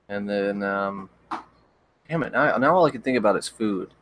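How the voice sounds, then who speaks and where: A young man hosting a livestream, chatting casually with viewers in a relaxed, rambling way with frequent stammered restarts. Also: lowish voice, unhurried, slight background noise. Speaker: livestream host. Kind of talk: casual chat reading viewer comments.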